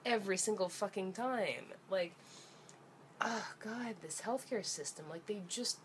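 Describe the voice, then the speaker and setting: A young Canadian woman vlogger, with a mid-range voice and an unhurried pace, rants angrily and sarcastically, swearing freely. The recording carries a little hiss or hum.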